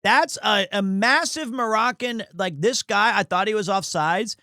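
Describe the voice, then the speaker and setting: A man riffs through casual sports commentary, rambling, crude and quick to mock himself. His voice sits notably high. The sound is dry and close, with no room echo. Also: sharp tone. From United States. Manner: rambling, crude, self-mocking. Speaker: streamer.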